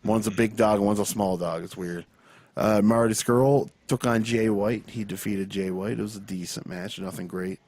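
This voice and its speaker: A man co-hosting a podcast, chatting about wrestling with animated, swearing, repetitive restarts. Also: fairly low pitch, moderate pace, dry recording. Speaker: podcast co-host. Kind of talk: casual wrestling chat.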